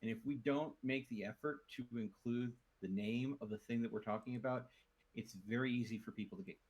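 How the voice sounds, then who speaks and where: A man's voice: medium pitch, brisk, darkish tone, husky, rough recording. A man hosting a multiplayer game session, instructing his teammates on what to build. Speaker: host organizing the team.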